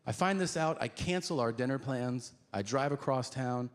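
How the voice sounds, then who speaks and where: A man doing stand-up, telling a profane story in an animated way with sudden shouts. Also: mid-range voice, normal speed. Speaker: stand-up comedian. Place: comedy club stage before a laughing audience. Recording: live audience laughter and crowd noise.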